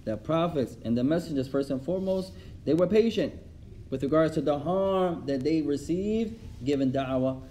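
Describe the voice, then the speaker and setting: A man teaching a religious class, telling stories with animated delivery and repeating lines for emphasis. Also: fairly high pitch, moderate pace, a little hiss or hum. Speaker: Islamic studies teacher. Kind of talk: religious class lesson with storytelling.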